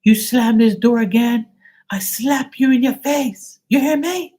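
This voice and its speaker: A man voicing a fierce mother who shouts threats at her teenage daughter in a high, shrill voice. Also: measured pace. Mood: furious.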